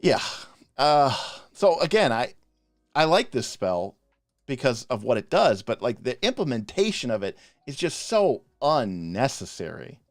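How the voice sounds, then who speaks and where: A man co-hosting a live stream, ranting passionately in a casual, animated way with frequent restarts. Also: mid-range voice, measured pace, no room sound, studio quality, faint music behind. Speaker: podcast co-host reviewing game spells.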